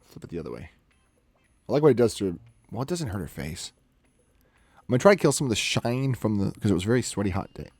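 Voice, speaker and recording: A man's voice: lowish voice, very animated, quick pace, long pauses, darkish tone, breathy edge, no echo, studio quality. A man chatting casually on a live stream as he edits photos and talks himself through each step.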